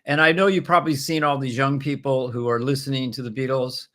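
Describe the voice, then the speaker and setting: A man in his seventies, a comedian guest, chatting in a halting way with many restarts and frequent laughs. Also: medium pitch, fairly even intonation, bright, forceful tone. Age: 70s. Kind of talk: casual interview chat.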